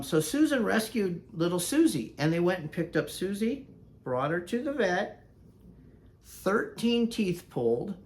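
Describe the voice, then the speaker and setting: A male dog trainer rambles through a story in a casual vlog. He talks in a loose, conversational way, dropping fillers as he goes, and his voice sits at an ordinary middle pitch. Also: creaky.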